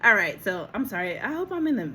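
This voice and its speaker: A woman recording herself on her phone, telling a personal story in a casual, animated way, laughing often and acting out what people said. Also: mid-range voice, quick pace, a little hiss or hum. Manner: animated, laughing, acts out quotes, casual swearing. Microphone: phone camera.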